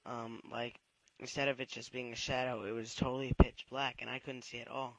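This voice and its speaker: A man's voice: medium pitch, level tone, fairly quick, noisy background. A man recording a game tip for a podcast, rambling and saying like a lot. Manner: rambling, filler "like". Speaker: listener sending a tip.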